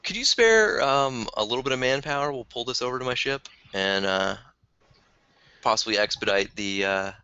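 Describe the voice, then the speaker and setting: A player voicing his smooth-talking male adventurer in a breezy, wheedling way. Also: medium pitch, moderate pace, bright, forceful tone, dry recording, close to an everyday voice. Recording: slightly dull lo-fi recording.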